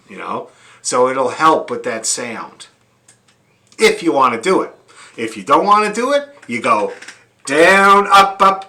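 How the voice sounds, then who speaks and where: A man with a fairly high, pushed, bright voice teaches fiddle in an online lesson. He demonstrates bowings, counts beats out loud, and keeps checking in with students by asking if they see.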